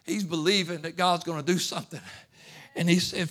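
A man preaching to his church, his voice high and bright as he moves from quiet, folksy asides into loud, pleading cries. He talks plainly, with ain't and gonna, and calls his congregation to clap and shout. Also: steady tone, a little fast. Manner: folksy Southern-style grammar like ain't and gonna. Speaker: pastor. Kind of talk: sermon. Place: church sanctuary.

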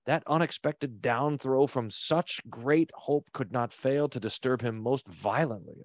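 Expressive male pastor reading aloud. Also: medium pitch, measured pace, no room sound, studio quality. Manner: expressive reader who leans hard on key words. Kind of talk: reading a text aloud and commenting on it.

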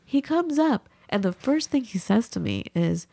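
Gravelly-voiced woman telling a story. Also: moderate pace, no room sound. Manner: animated, acts out quotes with big pitch jumps. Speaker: podcast host. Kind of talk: casual storytelling chat.

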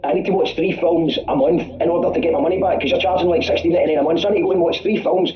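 A man's voice: a little high, fairly even intonation, very fast, muffled recording, over music. A man making a comic complaint call, exasperated and ranting, repeating himself. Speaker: caller.

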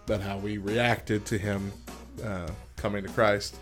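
A man's voice: on the low side, level tone, a little slow, a bit bright, soft background music. A man co-hosting a morning radio show, reading news and articles aloud and chatting loosely with a frequent laugh. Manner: laughs often, reads aloud then riffs loosely. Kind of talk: casual radio chat and reading.

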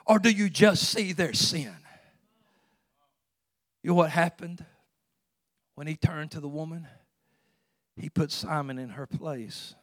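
A man preaching a sermon as pastor. He swings from hushed, intimate talk to loud exclamations and often repeats words. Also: fairly high pitch, takes it slowly, pauses often, no room sound, clean studio sound.

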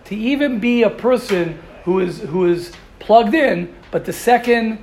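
A man's voice: high-pitched, measured pace, darkish tone, slight background noise. A man giving a passionate, informal Torah talk as a yeshiva rabbi, often repeating words and restarting.

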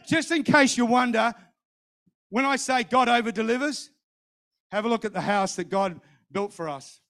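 A middle-aged man preaching a sermon shares a personal story in an animated way, repeating phrases and acting out others' words. His very high voice is creaky and moves at a normal speed.

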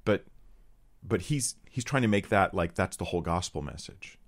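A man's voice: sits low, animated, normal speed. A man giving blunt, sarcastic Bible commentary to his viewers, reading verses and critiquing a teaching.

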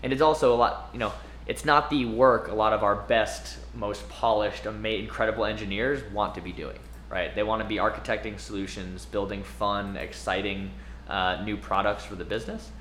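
A man co-hosting a podcast, explaining in a relaxed conversational way with frequent asides. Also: on the low side, moderate pace. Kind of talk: casual podcast chat. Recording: roomy with faint background noise.

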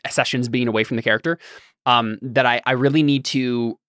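A man's voice: medium pitch, steady tone, brisk, a bit bright, dry recording, studio quality. A man hosting a casual podcast chat and talking about running games, explaining in long, loose thoughts. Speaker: podcast host and game master.

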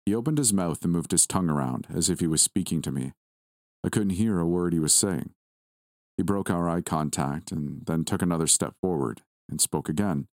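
Deep-voiced man narrating a horror story. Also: normal speed, a little mellow, no room sound, studio quality. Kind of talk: scripted first-person horror narration.

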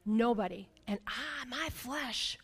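A woman preacher telling a personal story in a sermon. She keeps asking "right?", and her voice swings from loud excitement to a hush. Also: on the high side, slow pace, husky. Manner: personal storytelling, emphatic, frequent "right?" asides; swings between loud excitement and hushed intensity. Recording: long hall reverb.

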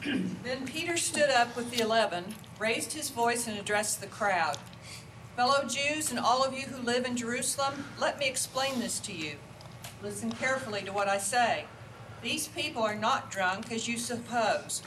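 A woman in a class group reading scripture aloud with a steady, even delivery. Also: on the high side, moderate pace. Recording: distant voice with noticeable hiss.

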